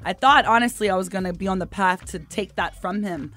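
A woman guest on a radio show, recounting her career path in a relaxed, soft-spoken way. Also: mid-range voice, a little fast, faint music behind. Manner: relaxed storyteller, soft-spoken, with many ums and asides. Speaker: guest, company founder. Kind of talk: casual radio interview.

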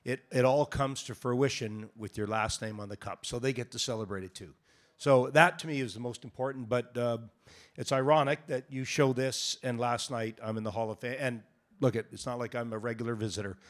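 An older man from Canada tells hockey stories to a live audience in an event hall. He jokes, teases the host and laughs through his anecdotes, his voice sitting at an ordinary pitch. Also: fairly even intonation, fairly quick. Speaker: guest, retired hockey goalie. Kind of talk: casual storytelling on a live panel.

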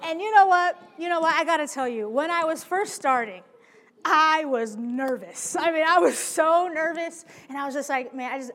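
A woman with a high, bright voice preaches a sermon, spinning a lively personal story in an animated way. She calls out to her listeners as "y'all" and "friends." A long reverb from a large hall trails her words.

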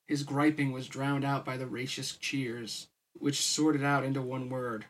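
A man's voice: mid-range voice, fairly even intonation, normal speed. A tired man reading a novel aloud for his podcast, with casual, weary asides. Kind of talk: audiobook-style story reading.

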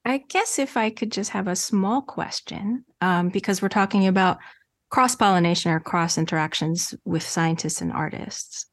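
A woman's voice: mid-range voice, normal speed, dry recording. A woman asking a panel a question, polite and tentative.

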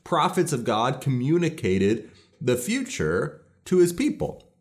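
A man's voice: medium pitch, sing-song, measured pace, a little mellow. Male pastor, mid-range voice, earnest and emphatic sermon delivery.

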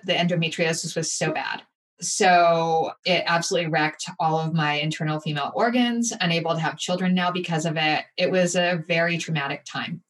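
A woman guest in an interview, telling a personal story candidly and with animated, acted-out asides. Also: deep voice, distant mic. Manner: candid, animated retelling with acted-out inner voices.

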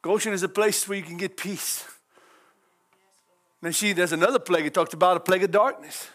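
High-pitched and brisk, with a fairly bright tone, the man delivers a homespun sermon in a Cajun accent. He keeps calling out "hallelujah" and "praise God," chuckling often as he goes.

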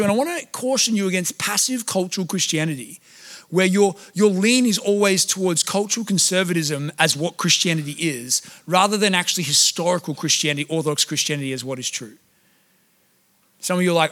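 A man's voice: on the high side, fairly quick, a bit bright. A man preaching a sermon as a pastor, conversational and humorous, telling stories with animation.

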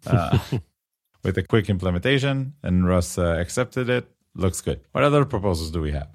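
A man's voice: on the low side, very animated, measured pace. A man co-hosting a casual tech podcast, playful and joking, laughing often and using lots of uh fillers. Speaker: podcast co-host.

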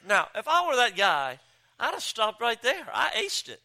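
A man preaching a sermon as pastor, joking and telling stories with lively delivery. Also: extremely high pitch, moderate pace. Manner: joking, animated storytelling with voices. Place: church campus.

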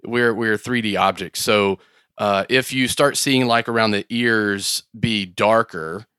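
Male podcast host, Southern US accent, smooth bright tone, friendly summarizer. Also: lowish voice, steady tone, a little slow, dry recording, clean studio sound. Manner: friendly, rephrasing to check understanding. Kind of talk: casual podcast interview.

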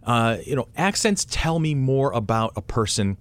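A man co-hosting a casual group chat, animated, often circling back and restarting his thoughts mid-sentence. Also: medium pitch, moderate pace, clear, resonant tone.

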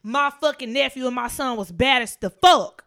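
A woman co-hosting a podcast, telling funny stories in an animated, profane way with lots of laughter. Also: high-pitched, moderate pace. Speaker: podcast co-host. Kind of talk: casual podcast storytelling.

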